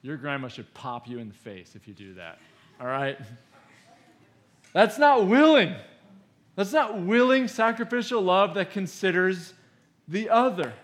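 A man preaching a sermon as a pastor, emphatic, swinging between loud stressed words and hushed asides, in a conversational way. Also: high-pitched, sing-song, normal speed. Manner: conversational, with acted-out quotes.

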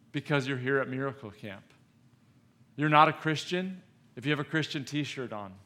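Slow-speaking man preaching to youths. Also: mid-range voice, a bit bright. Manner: emphatic, asks the audience questions. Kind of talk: sermon to a youth camp.

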